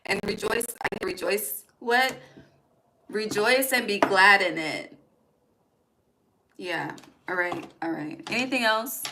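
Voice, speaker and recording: A woman's voice: mid-range voice, slow pace, vocal fry, background noise. A woman giving a casual tarot reading, chatty and emphatic, swearing freely and talking straight to her viewers. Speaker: tarot reader.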